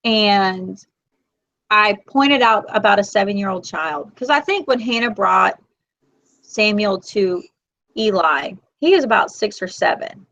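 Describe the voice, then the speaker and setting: A woman in her forties hosting a casual live chat, talkative and emotional, quick to tear up. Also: mid-range voice, a bit bright, dry recording. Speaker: host. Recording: dull, lo-fi, dry.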